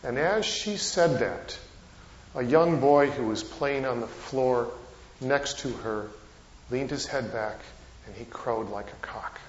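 A man's voice: mid-range voice, takes it slowly, a little hiss or hum. A male pastor preaching a sermon, telling stories with rising and falling emphasis. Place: church sanctuary. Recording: echoey church, dull lo-fi sound.

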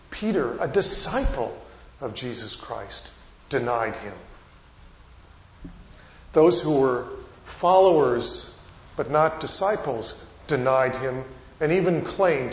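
A man's voice: mid-range voice, expressive, slow pace, long pauses, slight background noise. A male pastor preaching a sermon, telling stories with rising and falling emphasis. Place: church sanctuary. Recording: echoey church, dull lo-fi sound.

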